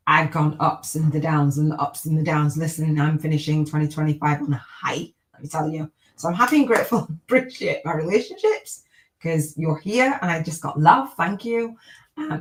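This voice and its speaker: A woman's voice: deep voice, poor audio. A middle-aged woman hosting a live-streamed podcast, chatting in an upbeat, rambling way and repeating gratitude affirmations. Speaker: podcast host.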